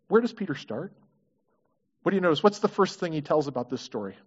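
A pastor preaches a sermon, earnestly engaging his congregation with questions. His voice is fairly high with a breathy edge, and he talks fast and very animatedly. The recording is dull and lo-fi.

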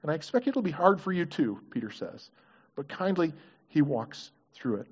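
Animated male preacher, lo-fi sound. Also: a little high, normal speed, slightly rough. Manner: asks the congregation questions, animated and earnest. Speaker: pastor. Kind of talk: sermon. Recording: dull lo-fi recording.

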